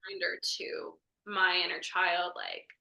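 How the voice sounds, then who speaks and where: A woman client reflecting on her session in a halting, heartfelt way, with many fillers. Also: lowish voice, flat delivery, gravelly, sharp tone, echoey room, muffled recording. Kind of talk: reflective conversation.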